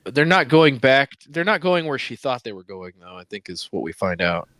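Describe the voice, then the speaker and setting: A man's voice: medium pitch, sing-song, normal speed, a bit bright, no room sound. A man co-hosting a podcast, giving playful, chuckling commentary in casual book chat. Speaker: podcast co-host.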